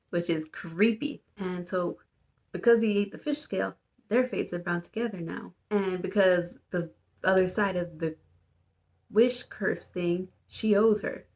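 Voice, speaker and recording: A woman's voice: on the low side, measured pace, a little mellow. A young adult woman giving a casual, rambling plot recap, full of fillers and little asides. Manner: rambling, filler-heavy, amused. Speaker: YouTuber.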